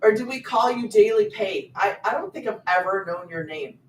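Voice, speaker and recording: A woman's voice: mid-range voice, expressive, moderate pace, distant mic, slight background noise. A middle-aged woman hosting a casual livestream about her online business, talking in a rambling, emphatic way. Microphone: phone. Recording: roomy sound, off-mic.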